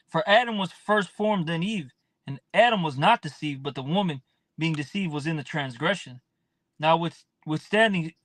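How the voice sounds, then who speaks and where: High-voiced blunt man preaching. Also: fairly bright tone, no room sound. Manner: blunt, profane, drawn-out, fills with "man". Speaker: scripture teacher. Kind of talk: casual preaching with scripture reading.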